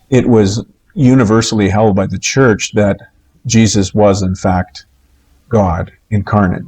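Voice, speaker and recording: Slow, measured male Bible teacher. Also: lowish voice, a little mellow. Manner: slow, measured, with frequent pauses and "uh" fillers. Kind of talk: recorded Bible lesson lecture.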